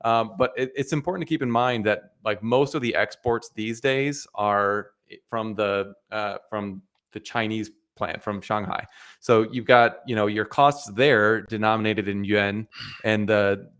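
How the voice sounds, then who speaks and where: Halting, low-voiced man talking shop. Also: steady tone, fairly bright tone, clear, resonant tone. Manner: hesitant, full of restarts and fillers. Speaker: co-host of investing live stream. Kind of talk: casual finance chat. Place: live stream recording.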